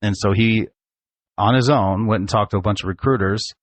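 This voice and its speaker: A man in his forties with a fairly low voice, chatting on his podcast. He tells long family stories in an easy, chatty way and laughs along. The sound is dry and close to the mic. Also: steady tone, a little fast, dry recording. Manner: chatty storyteller, laughs often. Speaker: podcast host, father. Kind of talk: casual family chat.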